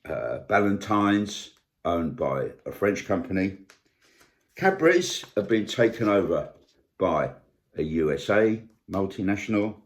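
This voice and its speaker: A man's voice: deep voice, sing-song, measured pace. An older man, talking in a casual vlog monologue and listing examples with indignant emphasis. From United Kingdom. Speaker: vlogger.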